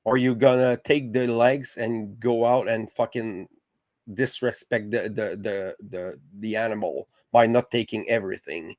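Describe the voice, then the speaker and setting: Fairly low and steady, a little mellow, this man's voice carries a profane, passionate argument on his podcast, full of false starts and swearing in a heated casual exchange. Clean studio audio, no echo.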